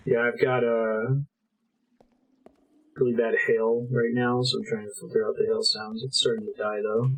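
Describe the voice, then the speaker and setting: A young man streams a game live from his home setup, chatting casually with viewers and cursing at the game now and then. His husky voice sits mid-range with little pitch movement and a moderate pace, and the recording quality is low.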